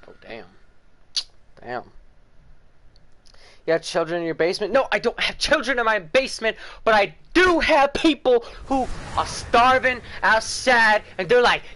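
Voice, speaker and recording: A man streaming gameplay live, trash-talking the game with loud profane outbursts and stammering when flustered. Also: high-pitched, animated, a little slow. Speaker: gaming streamer.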